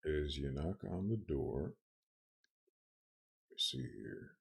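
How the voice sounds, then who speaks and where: Gravelly deep-voiced game master. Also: male voice, extremely slow. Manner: playful, rambling, thinks aloud. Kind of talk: narrating a tabletop game on stream.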